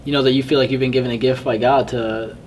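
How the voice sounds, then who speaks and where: A man interviewing a guest in casual conversation, relaxed and quick with short reactions. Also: mid-range voice, distant mic, a little hiss or hum.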